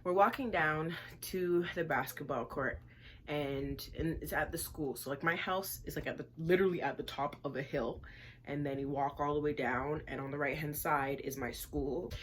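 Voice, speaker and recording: A woman vlogger telling a personal story in an animated storytime style, emphatic and repeating lines for effect. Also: low-pitched, moderate pace, a little hiss or hum.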